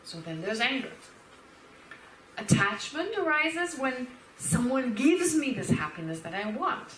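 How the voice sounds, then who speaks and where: A woman teaching Buddhist philosophy as a lecture, lively and animated, laughing and acting out little quotes as she explains. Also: high-pitched, unhurried, slight background noise. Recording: roomy hall, speaker far from the mic.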